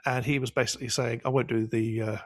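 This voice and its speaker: Guy hosting a podcast, gravelly, dry close sound, repeats his points for emphasis. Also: medium pitch, fairly even intonation, quick pace, dry recording. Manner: anecdotal, emphatic repetitions. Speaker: podcast host. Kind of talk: casual professional discussion.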